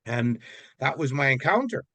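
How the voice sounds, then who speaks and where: A man's voice: medium pitch, moderate pace, dry recording. A man from Vancouver Island, Canada, telling a story in a casual, rambling way as an interview guest. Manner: rambling, relaxed, many fillers.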